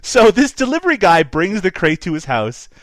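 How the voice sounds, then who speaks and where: Animated young man reviewing a movie. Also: high-pitched, moderate pace. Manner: animated, laughing, profane. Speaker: podcast host. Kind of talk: casual movie review chat.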